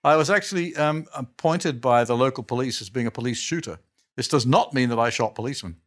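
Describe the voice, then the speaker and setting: A man's voice: medium pitch, a little fast. Older man telling chuckling anecdotes. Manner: animated, chuckling storyteller who trails off and restarts. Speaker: guest. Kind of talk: anecdotal storytelling in a casual interview.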